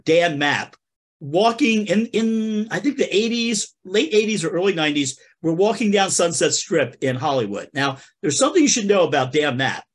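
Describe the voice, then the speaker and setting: A man's voice: high voice, a bit bright. A man hosting a comedy podcast, telling a funny story in a playful way and talking straight to the listeners. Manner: playful, addresses listeners as folks. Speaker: podcast host. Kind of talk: comic storytelling.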